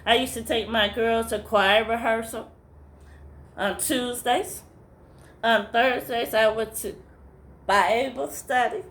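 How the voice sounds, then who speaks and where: A middle-aged woman spinning a funny story in a slow, unhurried drawl. Her voice sits fairly high, and she keeps answering her own lines with a soft "yes" or "mm-hmm.". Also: steady tone. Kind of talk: comic storytelling monologue.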